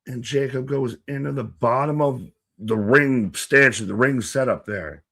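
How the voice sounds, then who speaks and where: A man co-hosting a live wrestling watch-along, rambling and animated, joking with the chat. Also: mid-range voice, measured pace.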